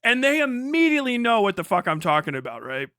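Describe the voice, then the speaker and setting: Bright, high-voiced profane male streamer. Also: quick pace, smooth, dry recording. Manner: profane, laughing, animated. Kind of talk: casual live-stream commentary.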